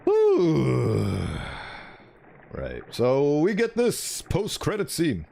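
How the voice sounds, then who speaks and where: A man's voice: fairly high pitch, wildly swooping pitch, very slow, creaky, warm tone. A man streaming a game, chatting casually and playfully and laughing often. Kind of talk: casual game commentary with voiced dialogue.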